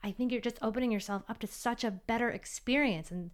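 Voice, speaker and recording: This is a personal trainer running her solo podcast, her voice a little high and her delivery fast. She keeps things chatty and upbeat, voicing the different thoughts in her head as she goes.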